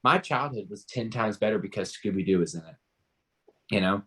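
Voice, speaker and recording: A man's voice: fairly low pitch, animated, a little fast, sharp tone, breathy edge. A man, talking passionately and emphatically in a casual panel discussion, often restarting his sentences. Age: 20s. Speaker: panel co-host.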